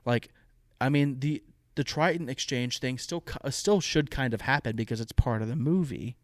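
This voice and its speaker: A man's voice: mid-range voice, moderate pace, no echo, studio quality. A man co-hosting a podcast, casually and animatedly retelling a plot with quoted asides. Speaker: podcast co-host. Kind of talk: casual chat.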